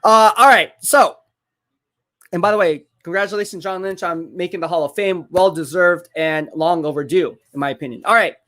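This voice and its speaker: A man keeps viewers company during a live football watch-party stream, responding to each play with excitement and repeating himself. His voice sits high, at a normal speed.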